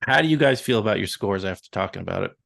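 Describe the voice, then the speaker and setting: A man with a low, gravelly voice chats playfully on a movie podcast. He giggles often and leans on fillers. The sound is close and dry. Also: expressive, racing, a bit bright, no echo. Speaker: podcast co-host. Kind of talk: casual movie chat.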